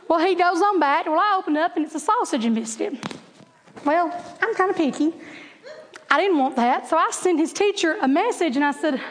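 A middle-aged woman, teaching a Bible class through chatty, animated stories with laughing asides. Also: very high voice, brisk, big-room sound. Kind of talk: storytelling Bible lesson.

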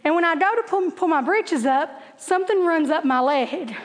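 High-voiced woman telling a funny story. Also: normal speed. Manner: animated, laughing, acts out voices in quotes. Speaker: teacher telling a story to an audience. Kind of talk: humorous personal storytelling. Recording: long hall reverb.

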